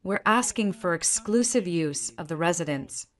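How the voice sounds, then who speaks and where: A woman voicing a brisk, ruthless divorce lawyer in her fifties, speaking in curt, clipped, commanding sentences. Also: on the low side, lively intonation, close to an everyday voice. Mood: businesslike. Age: 50s.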